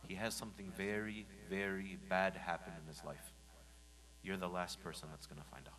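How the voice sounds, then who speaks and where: A man preaching a Friday sermon in a mosque. He moves from hushed, gentle lines to loud, acted-out scolding. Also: sits low, a little fast, low-quality recording. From United States. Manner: animated, swings from hushed to shouting when acting out scolding.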